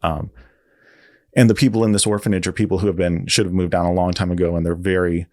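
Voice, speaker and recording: This guest designer, interviewed casually, talks fast in a low-pitched, darkish voice with a level tone. His story wanders. He keeps correcting himself as he goes.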